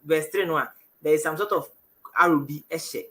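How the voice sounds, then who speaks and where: Ghanaian male Bible teacher, slightly high and very bright voice, halting studio delivery. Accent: Ghanaian English. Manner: halting, self-correcting, reads verses aloud. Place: television studio.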